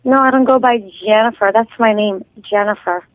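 A woman's voice: on the high side, brisk, dry recording. Blunt woman on dull lo-fi line. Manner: insulting, blunt. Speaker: caller.

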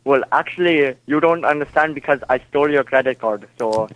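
A man with an Indian accent on a phone call who talks haltingly, stuffing his sentences with fillers and insisting on his point. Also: medium pitch, fairly bright tone. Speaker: prank call target. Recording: muffled phone line.

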